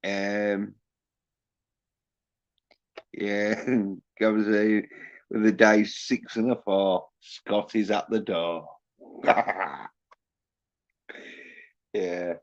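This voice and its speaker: A man's voice: on the low side, level tone, drawn-out words, long pauses, highs cut off. A man hosting a livestream, ranting in a rambling, boastful way with constant swearing. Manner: profane, boastful, laughs at own jokes. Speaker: livestream host.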